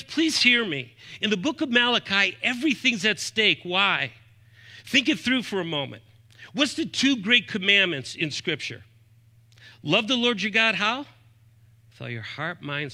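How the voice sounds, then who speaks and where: A man in his fifties preaching a sermon as pastor, emphatic, moving between raised points and soft asides, quoting scripture references. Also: high voice. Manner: often quotes scripture references aloud.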